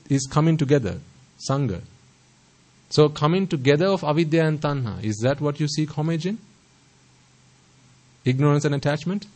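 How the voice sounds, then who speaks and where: A man's voice: a little high, darkish tone, poor audio. A man giving a Buddhist sermon, asking the listeners rhetorical questions and repeating phrases to stress his points. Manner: stresses pronunciation carefully. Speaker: Buddhist teacher.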